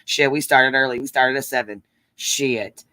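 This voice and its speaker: Male streamer, angry profane rant, bright tense voice, dry close sound. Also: medium pitch, fairly even intonation, normal speed, dry recording. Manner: heated, profane, repeats himself. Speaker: livestream host.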